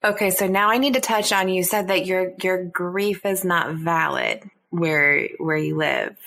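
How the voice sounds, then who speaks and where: A podcast host, a woman, asks gentle, probing questions. Her voice sits low and has a gravelly, creaky edge. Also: a little slow. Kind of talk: podcast interview.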